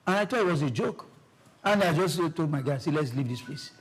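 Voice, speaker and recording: A man with a Nigerian accent, a guest telling an animated story and acting out the people in it. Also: quick pace, husky. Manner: acts out quoted exchanges, shifting pitch for each person.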